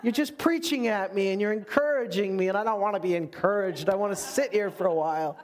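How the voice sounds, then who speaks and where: A man with a notably high voice preaches a sermon. He speaks with lively, animated conviction and slips into playful, self-deprecating humor between the earnest points. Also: fast talker. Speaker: pastor.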